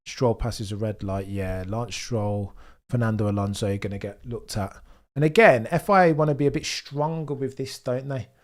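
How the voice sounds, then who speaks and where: A man with a mid-range voice speaks at a moderate pace while hosting a laid-back livestream watchalong. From the Birmingham area of England, with a mild Brummie accent, he reads viewers' comments aloud, chats with them, and drops wry asides.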